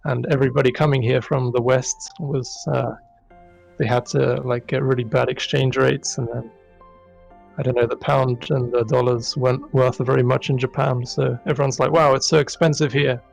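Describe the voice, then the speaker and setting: A man being interviewed in a casual live stream, with deadpan humor and frequent laughs. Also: mid-range voice, normal speed, vocal fry, faint music behind, poor audio. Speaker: interview guest, asset developer.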